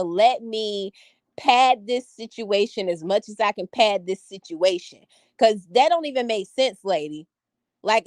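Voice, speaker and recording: Sassy high-voiced woman chatting to viewers. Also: dry recording. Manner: sassy, animated, talks straight to viewers. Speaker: vlogger talking to live chat. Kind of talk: casual live-stream chat.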